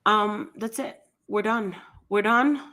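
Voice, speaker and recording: A woman hosting a casual commentary chat, talking in a blunt, animated and scornful way. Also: medium pitch, takes it slowly. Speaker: commentary channel host.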